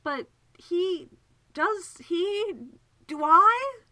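A woman voicing an indignant, flustered young gentleman in an audiobook, lifting her voice high and breathless. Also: lively intonation, very slow, dry recording, far from the mic, full character voice.

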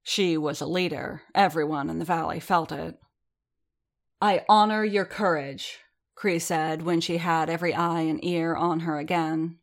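A woman with a fairly low voice narrating fiction for an audiobook. Her telling stays even and measured, carrying the scene steadily through description and dialogue tags. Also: gravelly.

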